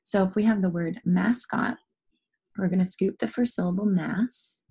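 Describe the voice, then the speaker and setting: A woman's voice: medium pitch, normal speed, warm tone, breathy edge. A young adult woman teaching a phonics lesson to young students, patient and encouraging as she goes step by step.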